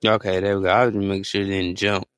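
A man co-hosting a podcast in casual chat, telling stories in slang with sudden high exclamations. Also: flat delivery, rapid-fire, fairly bright tone, smooth. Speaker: podcast co-host.

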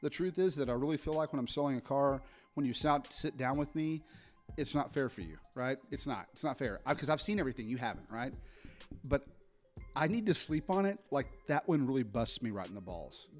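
Animated storytelling male podcast host. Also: medium pitch, brisk, soft background music. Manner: animated storyteller, acts out customer exchanges. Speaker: podcast co-host, car salesman. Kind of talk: casual podcast chat.

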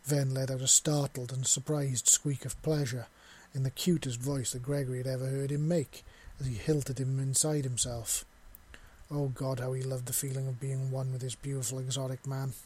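A man narrating a written story in an audio reading with a steady, even delivery and a husky voice. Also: mid-range voice, normal speed.

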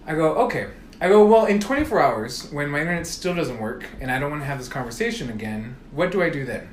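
A man's voice: fairly high pitch, expressive, fast talker, reverberant, slight background noise. A man telling a long story in casual chat, swearing freely and acting out both sides of phone calls. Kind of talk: casual storytelling among friends.

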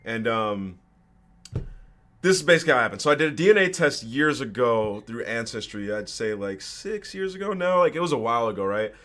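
A man's voice: medium pitch, expressive, brisk, fairly bright tone. A man in his twenties, a podcast guest, casually telling a personal story with slang and swearing. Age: 20s.

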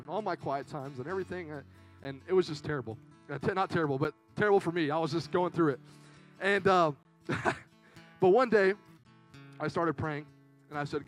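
A man's voice: a little high, brisk, low-quality recording. A young man preaching a sermon in an earnest, emotional, conversational way, with frequent fillers. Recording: dry sound with faint guitar behind. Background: faint guitar music.

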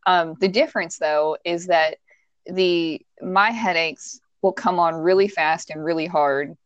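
A woman in her thirties tells stories in a relaxed chat. She laughs often and acts out what people said. Her voice is recorded close and dry, with no room sound. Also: lowish voice, unhurried, clean tone, no room sound, dull audio. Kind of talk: casual storytelling chat.

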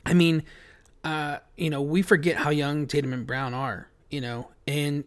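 A man's voice: a little high, little pitch movement, measured pace. A man co-hosting a casual sports chat who rambles and repeats his words. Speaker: podcast co-host.

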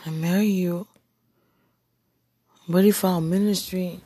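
A woman speaking an intimate spoken monologue, breathy and husky, often dropping into whispers and sighing exclamations. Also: fairly low pitch, fairly even intonation, a little slow, mellow, dry recording, clean studio sound. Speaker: podcast speaker.

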